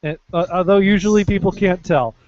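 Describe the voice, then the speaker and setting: A man with an East Coast American accent reads offbeat news on a casual podcast, dropping dry, sarcastic asides. His voice sits high for a man. The audio is dry and dull, lo-fi. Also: fairly quick, darkish tone, dry recording. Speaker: podcast co-host reading news. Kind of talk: casual chat, reading news stories.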